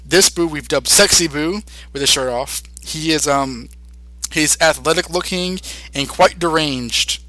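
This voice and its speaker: A young man hosts a podcast and retells a cartoon episode in a loose, rambling way, full of ums and restarts. His voice is bright and a touch high. The sound is dry and close. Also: unhurried, no echo. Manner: rambling retelling with many fillers. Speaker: podcast host. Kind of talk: casual episode recap.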